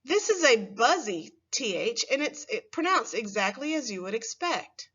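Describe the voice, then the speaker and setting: A woman teaching a first grade phonics lesson, speaking slowly and clearly and stretching words for young children. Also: on the high side, very animated, fairly bright tone, lo-fi sound.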